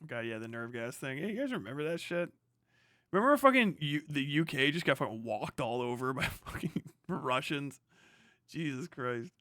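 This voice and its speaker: A man's voice: mid-range voice, sing-song, moderate pace, sharp tone, dry recording, clean studio sound. A man hosting a livestream, ranting casually in a profane, rambling, sarcastic way. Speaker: livestream host. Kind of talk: casual stream rant.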